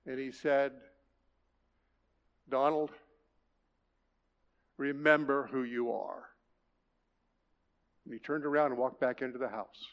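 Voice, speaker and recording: An older man preaching a sermon as pastor, telling folksy stories with jokes and dropping to a soft hush. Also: on the high side, creaky. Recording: long reverb of a large hall.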